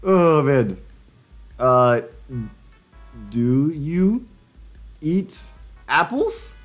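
A young man talks on a live stream in a playful, excitable way, his pitch leaping high whenever he crows about a win. He laughs at his own jokes and comments on everything as he goes. Soft music sits faintly underneath. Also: drawn-out words. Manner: jokey, excitable, laughing self-commentary with sudden pitch jumps. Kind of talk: casual live-stream chat while doing language drills.

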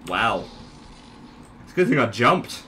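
A young man giving casual gameplay commentary, unhurried, swearing and laughing at his own plays. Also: on the low side, sing-song, sharp tone, slight background noise. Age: young adult. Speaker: gaming channel host.

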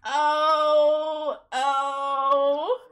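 A young woman, live-streaming and commenting on her game in an excitable, gossipy way, swearing freely and breaking into laughter. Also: sits high, very slow.

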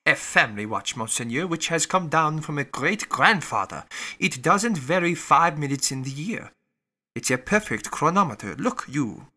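A man doing a fussy, talkative French valet who chatters on about his troubles. The voice is bright and lively, with a slightly high pitch. It is audiobook character reading. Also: normal speed. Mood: proud.

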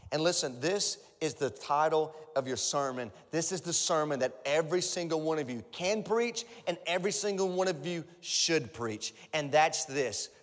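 A male pastor preaching a sermon, energetic and repetitive, building up to shouts. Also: fairly high pitch. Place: large church auditorium. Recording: echoey large hall.

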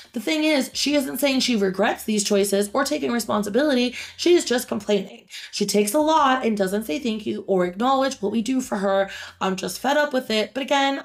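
Gravelly-voiced woman reading reddit posts and ranting, blunt, swears a lot, bit high. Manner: blunt, opinionated, swears freely. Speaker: reaction video host. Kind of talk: reading and commenting on online posts.

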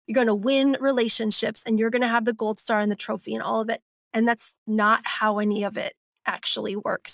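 A woman in her forties, a simplicity coach and author, guests on a podcast interview, speaking candidly and reflectively and sometimes acting out her own inner voice. Her voice is a little high and a bit bright, recorded studio quality with no room sound.

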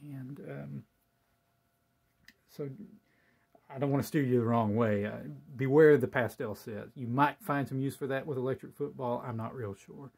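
Gravelly guy rambling casually about his hobby, folksy and self-deprecating, lots of uhs. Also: medium pitch, normal speed, a little mellow. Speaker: hobby channel host. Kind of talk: casual talk to camera.

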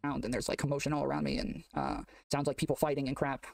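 A man telling a long story in casual chat, rambling with many fillers and getting excitable, recorded from a distance off the mic. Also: mid-range voice, quick pace, creaky, no echo. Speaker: guest telling a prison story.

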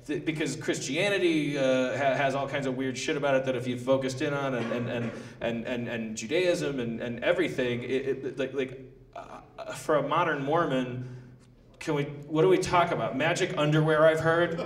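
A man's voice: mid-range voice, normal speed. A man hosting a podcast before a live audience, rambling with many restarts and laughing asides. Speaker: podcast host. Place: live theater stage. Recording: echoey live room, mic at a distance.

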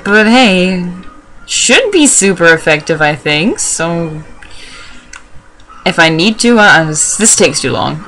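A woman's voice: lowish voice, a bit bright, low-quality recording. A young woman rambling through casual gameplay commentary, swearing and joking. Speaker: let's play gamer.

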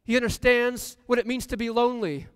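A man's voice: very high-pitched, steady tone, a little fast, a bit bright, clean tone, no echo, studio quality, long reverb tail. A man preaching a sermon in a church, repeating lines with building emphasis. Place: church sanctuary.

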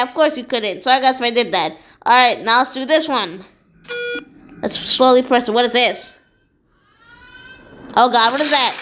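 A woman voicing SpongeBob, an excitable and goofy cartoon sea sponge, playing a video game and chattering to viewers. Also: sits high, background noise.

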